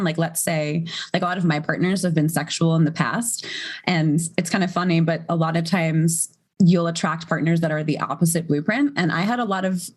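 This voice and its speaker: Woman coach, low voice, loose conversational podcast guest. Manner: relaxed, flowing, filler-heavy explanations. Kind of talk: casual podcast interview.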